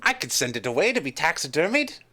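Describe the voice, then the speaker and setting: A man's voice: a little high, big pitch swings, fast, bright, forceful tone. A man acting as game master, narrating a tabletop game and laughing often.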